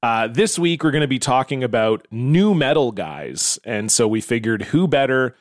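A man's voice: mid-range voice, animated, normal speed, no echo, studio quality. A man hosting a casual comedy podcast who talks in a joking, self-deprecating way and swears at his own slips. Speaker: podcast host.

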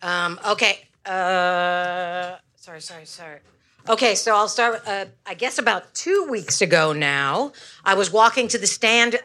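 A woman's voice: medium pitch, measured pace, bright, forceful tone, slight background noise. An older woman doing rambling, tangential stand-up on a wireless mic, full of apologies and self-deprecating asides. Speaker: comedian guest. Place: comedy stage before live audience. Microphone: handheld wireless mic.

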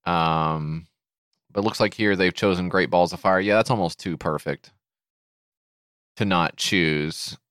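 A man's voice: sits low, normal speed, fairly bright tone, smooth, no room sound, studio quality. A man co-hosting a podcast in casual comedic chat, swearing freely and riffing with sarcastic asides. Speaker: podcast co-host.

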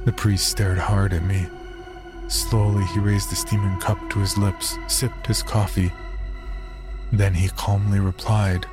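A man narrating a horror story in a slow, grim first-person telling. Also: on the low side, flat delivery, a little mellow, faint music behind.

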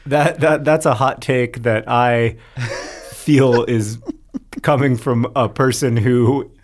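A man's voice: mid-range voice, steady tone, takes it slowly. A man in his forties co-hosting a podcast in casual chat, with a dry, wry delivery and frequent laughs. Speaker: podcast co-host.

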